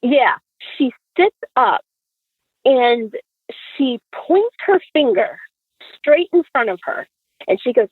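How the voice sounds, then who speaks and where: A woman, a podcast guest, telling a story in casual conversation, animated and acting out the dialogue. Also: high-pitched, takes it slowly, pauses often, breathy edge, no room sound. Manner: animated, acts out quoted dialogue. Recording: dry, phone-like audio.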